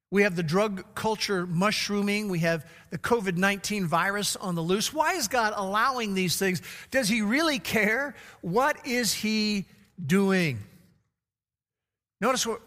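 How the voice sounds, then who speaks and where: A middle-aged man preaching a sermon, his voice swelling on quoted scripture and dropping low on grim facts. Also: bright, forceful tone. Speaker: pastor. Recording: long hall reverb.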